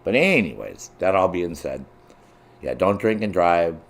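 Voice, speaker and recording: A man's voice: deep voice, very animated, a little slow. A middle-aged man streaming live, chatting casually with his viewers, swearing freely, joking crudely and laughing often. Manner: crude, profane, laughing a lot, reads chat.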